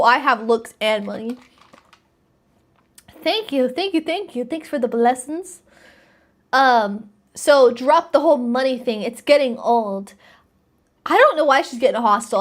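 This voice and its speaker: A woman streamer casually reading out text messages and chatting her thoughts about them. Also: sits high. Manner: reads messages aloud and comments, chatty and wondering. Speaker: streamer reacting to posts. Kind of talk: casual reaction commentary.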